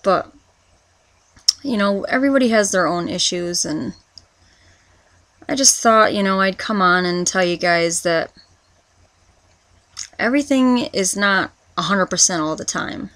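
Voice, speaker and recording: A woman in her twenties talking through a confessional personal vlog, rambling and halting, with many restarts as she searches for words. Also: mid-range voice, lively intonation, a bit bright, dry recording. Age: 20s. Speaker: vlogger.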